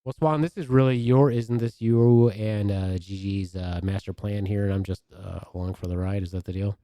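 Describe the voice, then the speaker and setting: A man's voice: on the low side, fairly even intonation, moderate pace, warm tone, no echo. A man hosting a podcast in casual chat, teasing and joking with his co-hosts. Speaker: podcast host.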